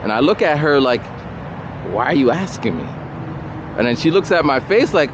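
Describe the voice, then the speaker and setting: A man tells a long, rambling story while he walks along a road outdoors. His pitch swings widely as he talks. It is picked up by a camera mic, so the sound is dull and slightly muffled, with faint traffic behind him. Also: moderate pace, long pauses. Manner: animated, rambling, repeats himself. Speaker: vlogger. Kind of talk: casual storytelling while walking. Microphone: camera or phone mic, no separate mic.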